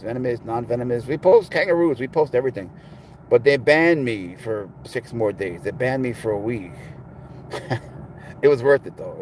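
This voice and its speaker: A man's voice: medium pitch, a little mellow, a little hiss or hum. A man chatting casually in a blunt, sarcastic way, answering viewers' comments on a livestream. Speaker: pet owner streaming to viewers.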